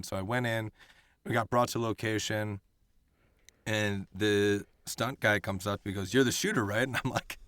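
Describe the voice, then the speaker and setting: A man on a podcast tells set stories with lively, swearing energy, slipping into the voices of the people he quotes. His voice sits on the low side. The sound is close and dry, with no room around it. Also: no room sound. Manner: animated, profane, acts out quoted voices. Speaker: guest actor. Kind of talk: casual storytelling.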